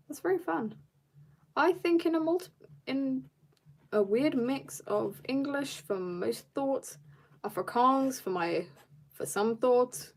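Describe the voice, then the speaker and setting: Woman streamer, raised in South Africa, slightly higher voice, loose talk with chat while sketching at home. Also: creaky. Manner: chatty, reads out and answers viewer comments. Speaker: art livestreamer. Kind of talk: casual chat while drawing live. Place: home, room upstairs.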